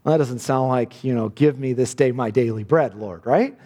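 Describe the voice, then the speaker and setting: A man's voice: medium pitch, normal speed, hardly any pauses, warm tone, in a large hall. A man preaching a sermon, earnest, often repeating words as he builds a point.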